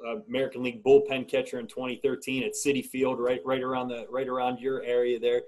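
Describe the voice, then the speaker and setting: Man asking relaxed interview questions. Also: mid-range voice, fast, rough recording. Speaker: podcast host, interviewer.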